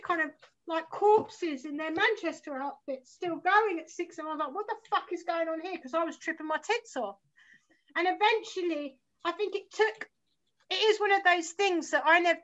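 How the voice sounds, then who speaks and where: Guest: London woman in her forties, very high and bright, sweary rambling storyteller, muffled lo-fi recording. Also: moderate pace. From South London, England. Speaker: guest musician. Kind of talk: casual chat. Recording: slightly muffled lo-fi sound.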